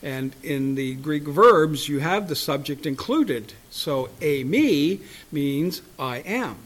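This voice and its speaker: A man's voice: a little high, lively intonation, slow pace. A man teaching a Bible study, chuckling often and reading scripture aloud with emphasis.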